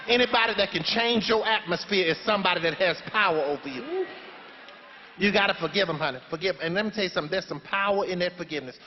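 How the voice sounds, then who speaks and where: In a theater monologue for a live crowd, a man portrays an older grandmother who is sassy and preachy, offering blunt, homespun advice in a sermon-like way. His voice sits high and natural. A little hiss or hum runs under the dull, reverberant stage recording.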